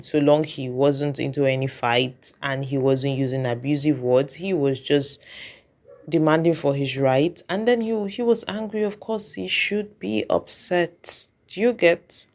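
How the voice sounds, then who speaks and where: Chatty commentator, mid-pitched voice. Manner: reflective, chatty, keeps checking in with the viewer. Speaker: reaction vlogger. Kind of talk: casual commentary.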